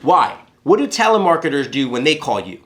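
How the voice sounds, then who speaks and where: A man's voice: on the high side, sing-song, fairly quick, fairly bright tone. Guy coaching sales tips, punchy and emphatic, keeps hammering his points. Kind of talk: coaching talk to camera.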